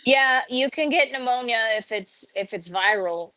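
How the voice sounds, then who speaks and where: A woman tells a story on a casual live stream. She is animated and acts out the other people's lines with a lifted voice. The recording is close and dry, with no room sound. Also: fairly high pitch, normal speed, no room sound. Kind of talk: casual chat.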